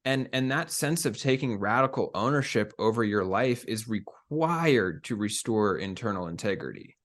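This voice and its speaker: A man co-hosting a podcast, talking in an earnest, measured, coaching way. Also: fairly low pitch, lively intonation. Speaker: podcast co-host. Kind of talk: reflective conversational talk.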